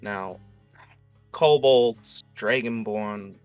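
A man voicing a stern middle-aged cleric who speaks gravely and quietly. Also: lowish voice, drawn-out words, no echo, soft background music. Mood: solemn.

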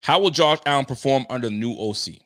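A man hosting a casual sports talk stream, his voice sitting at an ordinary middle pitch. He is animated and slang-heavy, talks straight to his listeners, and jumps between chat comments and his own opinions. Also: fast. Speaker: sports podcast host.

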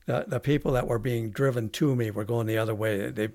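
A man, a veteran guest on a podcast, telling a long story in a halting way with many restarts. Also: medium pitch, steady tone, gravelly, a little mellow, no echo, studio quality. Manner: halting, with frequent restarts and fillers. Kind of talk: casual storytelling interview.

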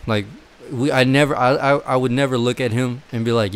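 A man's voice: medium pitch, steady tone, a little fast, clear, resonant tone. A man hosting a casual podcast chat, rambling with lots of fillers and offhand swearing.

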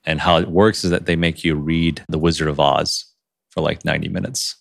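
Deep gravelly male podcast host. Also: no room sound, studio quality. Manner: animated, laughs often, words tumbling fast. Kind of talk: casual podcast chat.

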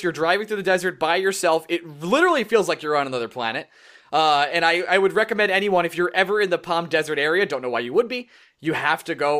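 A young man co-hosting a podcast, telling a story in casual chat and acting out quotes with a lively voice. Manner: animated, acts out quotes in higher voice. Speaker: podcast co-host.

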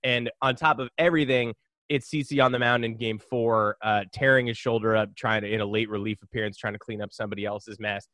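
A man's voice: fairly low pitch, fairly even intonation, a little fast, fairly bright tone, dry recording. Opinionated man in dry-sounding sports chat. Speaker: podcast co-host.

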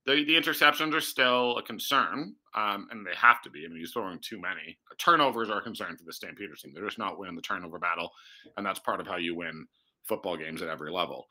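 Male sports reporter, casual chat, very bright and tense voice, hedges and restarts often. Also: sits low, fast, low-quality recording. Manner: thinks aloud with many fillers and restarts.

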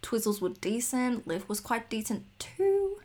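This podcast co-host, a young woman, has a slightly high, darkish voice and sounds very animated, though she doesn't rush. Her casual figure skating talk is sprinkled with opinionated remarks.

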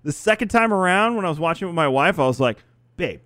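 A man's voice: fairly high pitch, lively intonation, fast talker, a bit bright, no echo. A man bantering playfully as a podcast co-host, teasing and joking. His voice moves up and down freely, and the recording is close and dry. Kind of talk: casual chat.

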